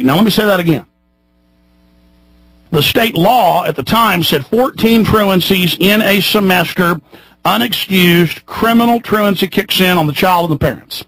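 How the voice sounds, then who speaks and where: Gravelly high-ish guy ranting hard on his radio show, husky, dry studio sound. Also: normal speed, no room sound, low-quality recording. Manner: fiery, ranting, swings from loud shouts to low mutters. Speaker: radio talk show host. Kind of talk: heated radio monologue.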